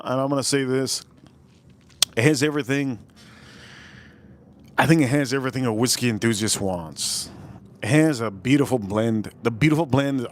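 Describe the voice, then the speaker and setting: A man's voice: mid-range voice, no room sound, clean studio sound. Rambling man hosting a live whiskey tasting. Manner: rambling, repeats phrases, gives chat shout-outs. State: voice turning deeper, feeling a bit ill. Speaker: live-stream whiskey reviewer. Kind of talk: casual live-stream tasting review.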